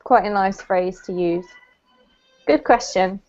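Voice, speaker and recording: A woman's voice: mid-range voice, slow, darkish tone, lo-fi sound, soft background music. A woman teaching an English lesson, patiently explaining meanings and word stress to her students. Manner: patient, explains pronunciation step by step. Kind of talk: online language lesson.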